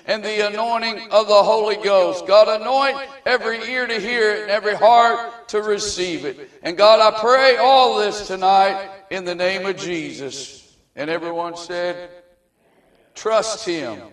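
High-voiced preacher in an echoey church. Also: male voice, a bit bright, far from the mic. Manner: measured, emphatic scripture reading. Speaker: pastor. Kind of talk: sermon with prayer. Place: church sanctuary.

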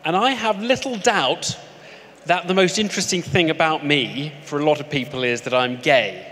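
A man's voice: on the high side, normal speed, a bit bright. A male journalist hosting a live on-stage interview, asking probing, provocative questions. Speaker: host and journalist. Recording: long hall reverb, faint noise.

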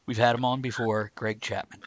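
A man's voice: medium pitch, little pitch movement, fairly quick, highs cut off, slight background noise. A man hosting a casual podcast chat, rambling and teasing with frequent laughs. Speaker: host.

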